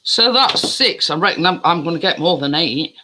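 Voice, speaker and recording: A man's voice: fairly high pitch, expressive, moderate pace, background noise. A man chatting in a rambling, easily distracted way as he bakes in his home kitchen. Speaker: home baking vlogger. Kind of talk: casual chat while baking.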